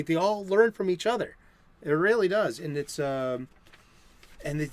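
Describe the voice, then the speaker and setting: Male comic book host, unscripted home chat, rambling and upbeat, lo-fi sound, voice sits a little high. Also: no room sound. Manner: rambling, enthusiastic, many restarts and fillers. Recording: lo-fi home recording.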